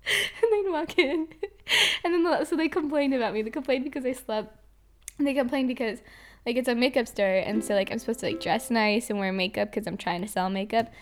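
A young woman from Idaho, slightly high-voiced and brisk, tells casual stories about her past jobs in an interview. She's chatty, uses lots of fillers, and giggles often.

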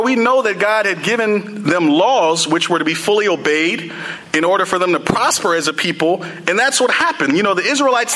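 A man's voice: high voice, sharp tone, low-quality recording. A young man preaching a sermon in a casual, conversational way, full of "you know" and "like".

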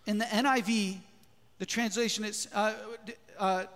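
A man preaching a sermon as a pastor in a church, lively, often putting questions to the congregation. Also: high voice, moderate pace. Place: church sanctuary. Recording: long hall reverb.

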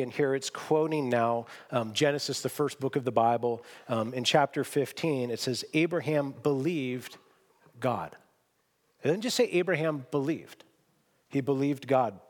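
Pastor preaching in a reverberant hall. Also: male voice, mid-range voice. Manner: storytelling, self-deprecating, emphatic. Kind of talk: sermon. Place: church sanctuary.

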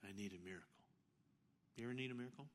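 A middle-aged man preaching a sermon as pastor, telling stories with animated swings between hushed asides and loud outbursts. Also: medium pitch, racing, slight background noise.

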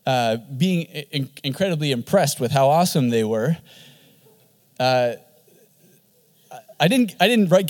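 High-voiced man preaching a lively sermon. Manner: animated, repeats words when emphatic. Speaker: pastor.

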